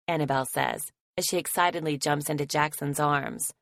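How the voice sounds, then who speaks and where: A woman narrating a first-person romance audiobook in a soft, affectionate way. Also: deep voice, a little fast, gravelly, no echo.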